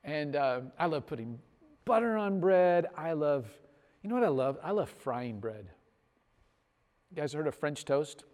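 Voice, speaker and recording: A man preaching a sermon as pastor, telling a story with big swells in loudness and soft, trailing phrase endings. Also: fairly high pitch, unhurried, pauses often, long reverb tail. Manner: animated storytelling, swells loud on punchlines, drops soft at ends.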